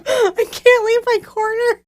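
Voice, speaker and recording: High dry voice, woman painting instructor, jittery laughing. live lesson. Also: little pitch movement, measured pace, dry recording. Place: art studio.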